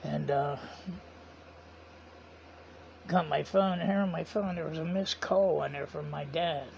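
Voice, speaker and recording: Gravelly man telling a rambling story. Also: on the high side, unhurried, darkish tone, a little hiss or hum. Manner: rambling, repeats quoted dialogue with "I said" and "he said". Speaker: vlogger. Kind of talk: casual personal storytelling. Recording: dull lo-fi sound.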